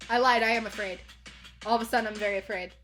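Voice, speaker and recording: High-voiced, excitable woman reacting to music. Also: very fast. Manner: excitable, swearing, swings from whispers to shouts. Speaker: album reviewer. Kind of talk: reaction video. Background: album music playing.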